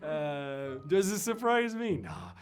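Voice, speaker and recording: A man's voice: fairly high pitch, big pitch swings, takes it slowly. A man chatting with amusement in an interview, chuckling between words. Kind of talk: casual chat.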